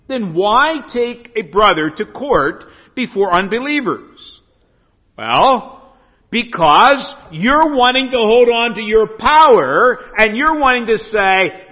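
A male pastor preaching a sermon, telling stories dramatically, with big swings from loud to hushed. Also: extremely high pitch, animated, slow. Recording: dull echoey hall recording.

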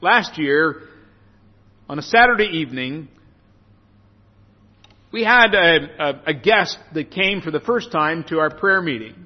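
A man preaching a sermon, slow and earnest, stressing phrases by repeating them. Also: a little high, animated. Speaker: pastor. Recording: dull sound with long hall reverb.

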